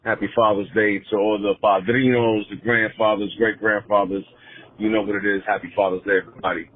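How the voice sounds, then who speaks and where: A man in his forties, a caller on a sports talk show, ranting angrily about his team with swearing and loud outbursts. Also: on the low side, little pitch movement, a little fast, a little hiss or hum. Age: 40s. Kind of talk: angry sports fan rant. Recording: tinny phone line.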